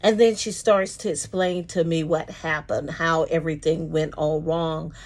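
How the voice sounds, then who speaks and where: A woman telling a faith story in a folksy, emphatic way, slowing down to stress key words. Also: low-pitched, fairly even intonation, a little mellow. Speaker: Christian speaker.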